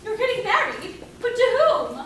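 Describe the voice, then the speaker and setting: A woman's voice: extremely high pitch, big pitch swings, moderate pace, heavily acted. A woman playing a breathless stage starlet bride. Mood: melodramatic. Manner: breathless and melodramatic. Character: flighty young starlet bride, theatrical. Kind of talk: stage musical performance. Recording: distant echoey stage with loud music.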